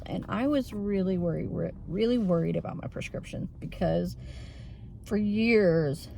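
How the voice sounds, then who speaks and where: A woman talking openly to her viewers in a casual vlog, with many fillers and frequent throat clearing. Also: on the low side, warm tone, a little hiss or hum. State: tearful at times. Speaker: vlogger. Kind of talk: casual vlog chat while running errands.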